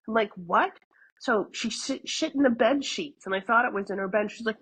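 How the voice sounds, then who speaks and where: A woman's voice: a little high, moderate pace, a bit bright, slightly rough, rough recording. A middle-aged woman co-hosting a podcast, chatty and storytelling, laughing often and swearing casually. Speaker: podcast co-host. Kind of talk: casual chat.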